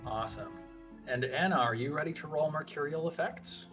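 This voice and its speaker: A man acting as game master of a tabletop game, upbeat and quick with affirmations. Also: on the high side, over music.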